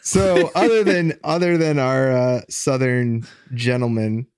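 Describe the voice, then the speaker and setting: A man's voice: mid-range voice, takes it slowly, clear, resonant tone, no room sound. A man hosting a casual podcast, laid back and stopping to restart his sentences. His voice sits mid-range and sounds dry and close. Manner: relaxed, hesitant, many restarts. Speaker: podcast host. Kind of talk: casual chat.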